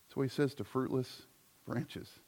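A male pastor preaching a sermon, emphatic, moving between loud declarations and soft asides. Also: mid-range voice, unhurried, creaky, breathy edge.

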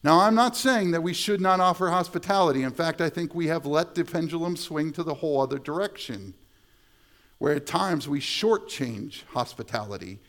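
A man's voice: on the high side, normal speed, fairly bright tone. A middle-aged male pastor preaching a sermon in a conversational way, repeating words and adding asides. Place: church sanctuary.

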